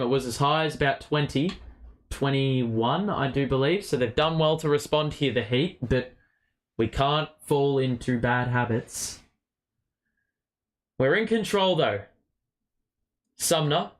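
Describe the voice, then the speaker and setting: A man hosting a fan watchalong, calling the game play by play, partisan and swearing freely. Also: mid-range voice. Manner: partisan, swears, rises to shouts on big plays. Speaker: host of a fan watchalong stream.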